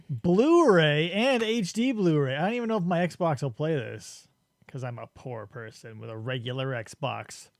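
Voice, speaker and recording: A man hosts a live stream in loose, joking banter, chuckling between lines. His voice sits a little high for a man. The sound is dry and close, with no room around it. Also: animated, a little slow, dry recording. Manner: laid-back, joking, laughs often. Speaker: podcast host. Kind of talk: casual chat before a live stream.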